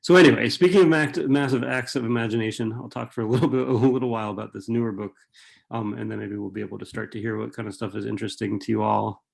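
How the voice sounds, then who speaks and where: A middle-aged man giving an author talk at a library, speaking quickly and digressively with many restarts and fillers. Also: mid-range voice, steady tone, vocal fry. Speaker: author and writing professor.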